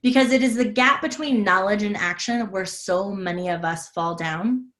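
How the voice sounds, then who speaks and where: A woman's voice: mid-range voice, normal speed, fairly bright tone. A woman hosting a live online masterclass as a health coach, upbeat and effusive, reading out viewer comments and answering questions over a video call. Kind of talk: live webinar sales talk and Q&A.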